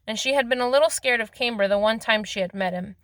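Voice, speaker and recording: A woman's voice: on the high side, fast talker, fairly bright tone, no echo. A woman reading a novel aloud in a plain voice, with occasional slips and restarts. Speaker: reader of a novel.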